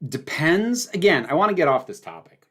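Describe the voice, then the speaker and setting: Guy chatting on a livestream, really animated pitch, opinionated and rambly. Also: moderate pace, breathy edge. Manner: opinionated, emphatic, rambling with fillers. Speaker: livestream host answering viewer questions. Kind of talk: casual livestream chat.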